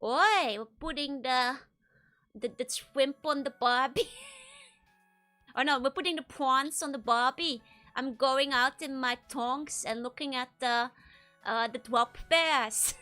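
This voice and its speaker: A woman putting on a loud, playful Australian bloke caricature, drawling the words out. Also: extremely high pitch, lively intonation, drawn-out words, long pauses, no room sound, soft background music, voice pushed up, exaggerated voice. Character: brash laid-back Aussie bloke stereotype.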